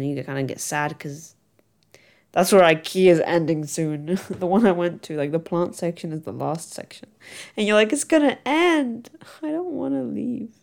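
A woman's voice: low-pitched, a little mellow. A young woman, chatting casually to camera in a giggly, rambling, self-mocking way. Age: young adult. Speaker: vlogger.

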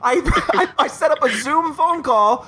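A man in his thirties co-hosting a casual podcast, complaining in an animated, exaggerated way with frequent laughs. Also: very high-pitched, measured pace. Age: 30s. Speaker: podcast co-host.

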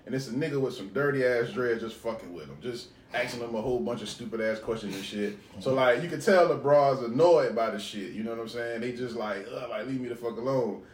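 Animated storytelling man in a roomy space. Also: medium pitch, brisk, few pauses, a little hiss or hum. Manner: animated, laughing, acts out dialogue. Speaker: podcast co-host. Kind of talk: casual storytelling chat. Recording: roomy, distant mic, faint ambience.

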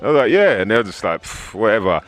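A low-pitched man with an English accent talks through his story in a loose, conversational way. He often slips into other people's voices to act out what they said, keeping an easy interview pace. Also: fast. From England. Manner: animated storyteller, acts out quoted voices. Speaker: rapper. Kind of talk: casual interview talk.

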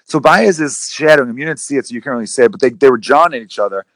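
A man hosting a casual sports podcast, rambling and animated, with some swearing. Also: medium pitch, very fast, dry recording. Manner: rambling, profane, animated retellings. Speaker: podcast host.

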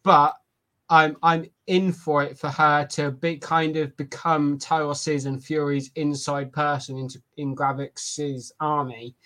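A British man co-hosting a podcast, chatting casually in an animated way. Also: fairly high pitch, unhurried. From Britain. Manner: animated, restarts often. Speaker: podcast co-host.

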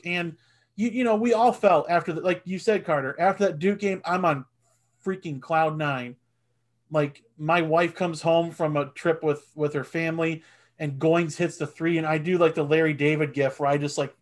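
A man in his thirties co-hosting a casual sports podcast, animated and swearing, and he gets loud when excited. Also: on the high side. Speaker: podcast co-host.

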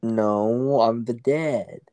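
A man's voice: medium pitch, drawn-out words, mellow, no room sound, low-quality recording. A man in casual chat, talking bluntly and crudely, swearing freely and correcting others drily. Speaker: stage actor guest.

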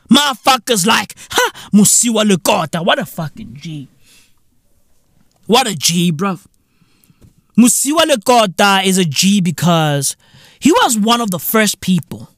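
A man's voice: high voice, creaky, fairly bright tone, dry recording, studio quality. A man hosting a comedic solo podcast rant, profane and repetitive, full of "bruv" and "you feel me". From South Africa. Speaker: podcast host.

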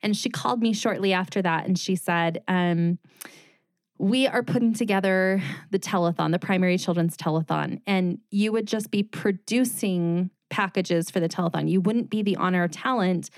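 A woman's voice: fairly low pitch, normal speed, no room sound, studio quality. A middle-aged woman, a former news reporter and now a designer, telling her story as a guest in a casual interview, acting out quoted dialogue. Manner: animated retelling with quoted dialogue and laughs.

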